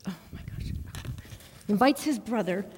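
A woman giving a children's sermon in a church, speaking in a lively, coaxing way and asking the children questions. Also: medium pitch, a little slow, long reverb tail, a little hiss or hum. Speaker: children's message leader. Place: church sanctuary.

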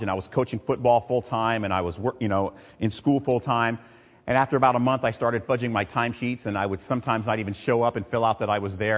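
A middle-aged male pastor preaching a sermon, swinging from loud, emphatic preaching to quiet, personal storytelling. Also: mid-range voice. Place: church sanctuary. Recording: long reverb of a large hall.

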